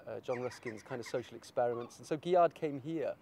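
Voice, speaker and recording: A man's voice: mid-range voice, quick pace, vocal fry, a little mellow, a little hiss or hum. A man artist talking in a casual interview, rambling and searching for his words.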